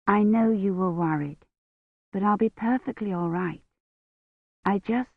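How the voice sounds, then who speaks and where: A woman's voice: medium pitch, measured pace, creaky, no room sound. A woman reading an audiobook voices a young woman shivering with fever, her speech unsteady and pleading, recorded on tinny, dry phone-like audio. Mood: reassuring. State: teeth chattering, feverish.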